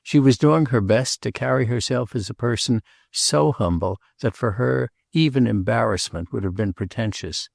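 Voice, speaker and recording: A man narrating a classic novel as an audiobook, reading in a measured, unhurried way. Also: medium pitch, vocal fry, dry recording, studio quality.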